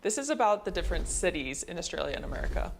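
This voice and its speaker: A woman with a fairly low voice narrating an explainer video in a calm, informative way. A faint noise sits behind her. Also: racing, creaky.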